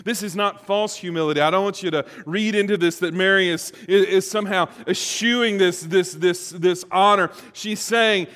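A man preaching a sermon as pastor, swinging between loud, emphatic passages and quiet, reflective ones, acting out quoted lines. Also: sits high, moderate pace, hardly any pauses, big-room sound.

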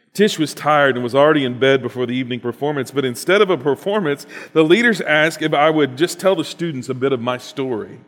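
An earnest man reads a personal story aloud in a reflective, unhurried manner. His voice sits at an ordinary middle pitch. A long reverb lingers after his words. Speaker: host reading a written story aloud.

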